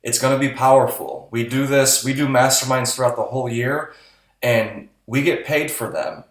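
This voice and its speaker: A man's voice: medium pitch, steady tone, normal speed. A man co-hosting a podcast who talks in a blunt, motivational way and swears casually. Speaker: podcast co-host. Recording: roomy echo.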